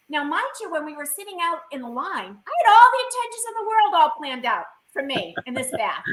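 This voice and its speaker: Bright-voiced woman telling an emotional story. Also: high voice, very animated, moderate pace, echoey room, slight background noise, rough recording. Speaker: guest. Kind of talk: recounting a personal experience in an interview.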